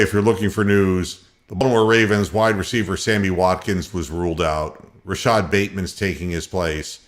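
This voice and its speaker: A man hosting a sports radio show, giving a profane, sarcastic rant about biased officiating. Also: low-pitched. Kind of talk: ranting sports commentary.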